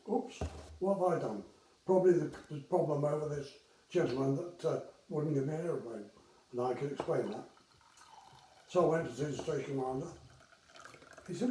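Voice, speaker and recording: A man's voice: fairly high pitch, moderate pace, pauses often, mellow, echoey room, distant mic, slight background noise, rough recording. An older man casually telling stories from his career, chatty with hesitations and acted-out dialogue. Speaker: retired air traffic controller telling anecdotes. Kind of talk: casual storytelling.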